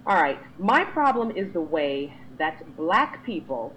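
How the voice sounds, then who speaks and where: A woman vlogger talking straight to camera in a lecturing, emphatic way, with her pitch jumping high when she is exasperated. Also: sing-song, slow, fairly bright tone, a little hiss or hum, poor audio. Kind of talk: to-camera monologue.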